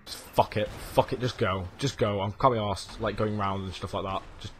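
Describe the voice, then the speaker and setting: A man's voice: fairly low pitch, steady tone, moderate pace, a bit bright, slight background noise. A young man swearing and muttering while commenting on his own gameplay. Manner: frustrated, swears constantly, mutters to himself. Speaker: gaming YouTuber. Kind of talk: casual let's play commentary.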